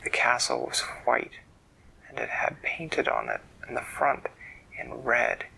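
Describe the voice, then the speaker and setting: A man telling an improvised bedtime story in a soft, hushed voice, stopping to explain words. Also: mid-range voice, sing-song, a little slow, vocal fry, husky, in a whisper, low-quality recording.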